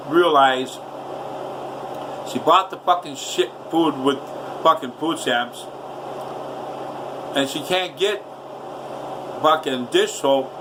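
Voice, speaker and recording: Man, ranting and cursing, rambling kitchen story, slightly high voice, humming appliances behind. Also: far from the mic, background noise. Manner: profane, loud ranting storyteller. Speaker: home cooking vlogger. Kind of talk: rambling storytelling while cooking. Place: home kitchen.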